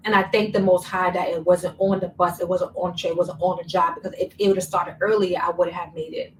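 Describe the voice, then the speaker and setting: A woman's voice: fairly low pitch, little pitch movement, brisk, few pauses. A young woman tells a personal story in a casual, chatty vlog, repeating words for emphasis. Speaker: vlogger. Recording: slightly distant mic, faint room noise.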